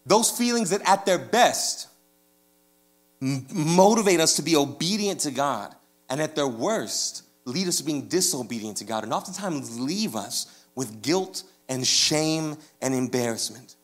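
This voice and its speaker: A man preaching a sermon in a loose, conversational way, with casual slang and lively swings in energy. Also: fairly high pitch, measured pace, faint music behind. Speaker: pastor.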